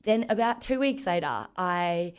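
A young Australian woman telling her story as an interview guest, animated and quick to act out what others said. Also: clean tone. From Western Australia. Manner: animated, acts out quotes with big pitch jumps. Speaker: guest, football captain.

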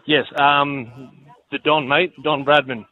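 A man's voice: fairly high pitch, level tone, takes it slowly. A man calling in to a radio show, laid-back and full of fillers, with an Australian accent and a slight New Zealand lilt. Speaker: caller. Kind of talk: phone-in chat. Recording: muffled phone line with faint noise.

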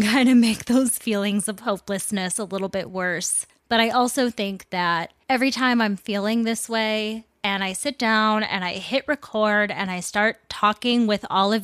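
A woman's voice: medium pitch, a bit bright, no echo, clean studio sound. A woman hosting her own news podcast, talking candidly and casually and swearing now and then. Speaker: podcast host. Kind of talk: casual solo podcast monologue.

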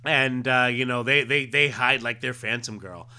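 A man co-hosting a casual chat while reading a comic aloud, pausing often with ums and uhs. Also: mid-range voice, bright, forceful tone. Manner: hesitant, full of ums.

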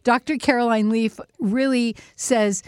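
A middle-aged woman hosting a casual chat, animated and laughing often as she acts out little quotes. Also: on the high side, a little slow, clean tone, no echo, clean studio sound. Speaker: host.

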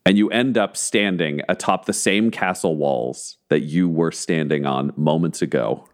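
A man narrating as game master, telling the story slowly and theatrically and building tension. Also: very deep voice. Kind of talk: dramatic tabletop narration.

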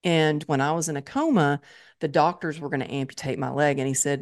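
A woman's voice: low-pitched, a little fast, darkish tone. A woman telling her personal story as a podcast guest, vividly retelling it and acting out her own past thoughts.

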